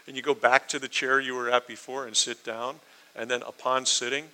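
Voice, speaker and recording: Animated bright-voiced male preacher. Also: medium pitch, brisk, low-quality recording. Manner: animated, asks listeners questions, acts out quotes. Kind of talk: sermon, Bible teaching.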